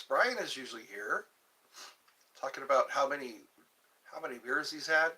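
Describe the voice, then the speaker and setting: A man's voice: medium pitch, expressive, normal speed, pauses often, bright, forceful tone, recorded from a distance. A man hosting a casual livestream, rambling and joking as he chats with his viewers. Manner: rambling, jokey, chatting with viewers. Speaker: livestream host.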